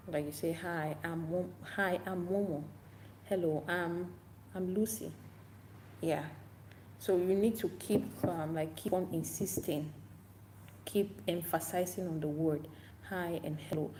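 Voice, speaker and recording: Slow, mellow-voiced woman English teacher. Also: on the low side, a little hiss or hum. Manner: unhurried and repetitive, demonstrating classroom chants aloud. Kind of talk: casual talk-to-camera tips.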